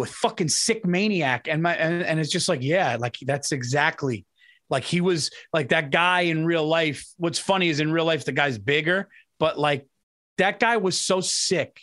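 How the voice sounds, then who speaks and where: High-voiced excitable man rambling in chat. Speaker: podcast co-host. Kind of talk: casual chat.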